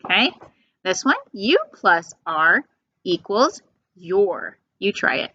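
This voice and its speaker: A woman teacher leading a phonics lesson for young children, drawing each sound out slowly and patiently. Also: mid-range voice, very animated, pushed and bright. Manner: slow, patient, drawn-out sounds. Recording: dull lo-fi sound.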